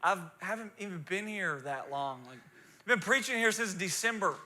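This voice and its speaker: A fervent pastor with a high, ringing voice that cuts through the church sanctuary. He preaches emotionally, dropping to soft, confiding asides and then building to shouted, rousing declarations. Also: expressive, normal speed. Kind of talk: sermon.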